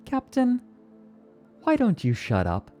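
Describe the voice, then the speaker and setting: A man's voice: very high voice, wildly swooping pitch, takes it slowly, dark tone, soft background music, pitched above the performer's own voice, exaggerated voice. A man voicing a reckless astronaut who taunts and mocks his captain. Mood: mocking. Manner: mocking, taunting and defiant. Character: sneering, reckless male astronaut mutineer.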